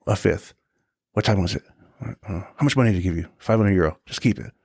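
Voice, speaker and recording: A man's voice: low voice, fast talker, vocal fry, darkish tone, no echo. A man in his forties, a guest on a podcast, telling casual anecdotes with lots of swearing, acting out quotes and laughing often. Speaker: guest, tour security guard.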